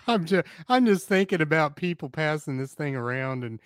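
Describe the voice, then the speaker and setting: A man's voice: a little high, sing-song, a little slow, a bit bright, no room sound. A man co-hosting a casual podcast chat, teasing his partner with dry humor. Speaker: podcast co-host.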